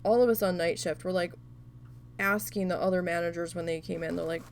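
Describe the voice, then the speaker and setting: Gravelly-voiced woman venting casually. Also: lowish voice, a little fast, slight background noise. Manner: animated, profane venting with quoted dialogue. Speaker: craft video host. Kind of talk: casual storytelling while crafting.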